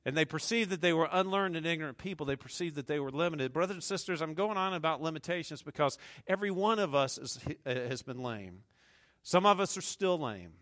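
Southern american man preaching, humorous conversational sermon, bright forceful voice, somewhat higher pitch. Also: expressive, fairly quick. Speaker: pastor.

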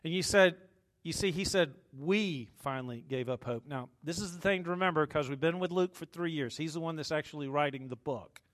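Dynamic preacher man, hushed to booming. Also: brisk. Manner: jokes with the congregation. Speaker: pastor. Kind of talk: sermon.

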